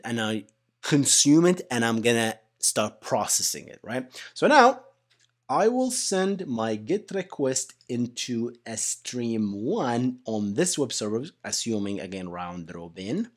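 A young adult man giving a casual whiteboard lecture on software engineering, conversational and animated, often tagging sentences with "right?" and addressing listeners as "guys". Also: medium pitch.

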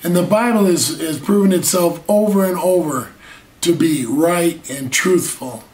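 Slow, high-voiced preacher in an echoey room. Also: male voice, a little mellow. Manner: earnest, drawn-out emphasis with rhetorical questions. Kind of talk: sermon. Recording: echoey room, mic far off.

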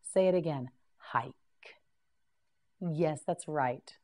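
Slow, low-pitched woman drilling vocabulary. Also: a little mellow. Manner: slow, clear repetition with prompts to repeat. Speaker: English vocabulary teacher.

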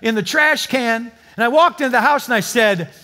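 Man preaching, high-pitched, tells stories and banters with the congregation. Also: moderate pace, sharp tone. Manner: storytelling, joking with the congregation. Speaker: pastor. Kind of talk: sermon. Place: church before a live congregation.

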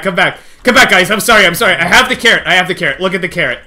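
A man streaming a game live, talking excitedly to his chat and coaxing the animals along, often shouting and laughing. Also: sits high, racing, hardly any pauses. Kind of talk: excited live gameplay commentary.

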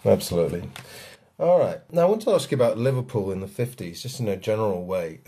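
A male podcast host asks questions with eager curiosity. His voice is low and mellow. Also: expressive, fast, slightly rough. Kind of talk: interviewing.

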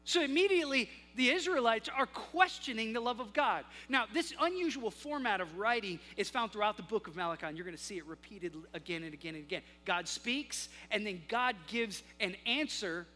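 A male pastor preaching a sermon, with a dynamic delivery that swings between loud emphasis and hushed asides. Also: sits high, animated, fairly quick, few pauses. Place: church sanctuary. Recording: long hall reverb with faint music.

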